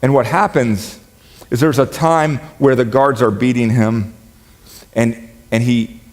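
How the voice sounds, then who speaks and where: Joking pastor in a reverberant hall. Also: male voice, mid-range voice, unhurried. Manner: conversational, joking, animated when quoting. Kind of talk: sermon. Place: church sanctuary.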